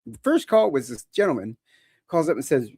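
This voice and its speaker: A man's voice: fairly high pitch, big pitch swings, moderate pace, darkish tone, slightly rough, no echo. A man hosting a live call-in show, talking in a casual, opinionated and joking way.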